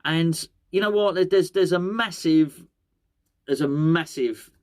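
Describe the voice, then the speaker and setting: A man's voice: fairly high pitch, measured pace. A man hosting a football podcast, talking casually on his own, rambling and correcting himself as he goes. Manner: rambling, self-correcting, repeats words. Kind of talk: casual solo football chat.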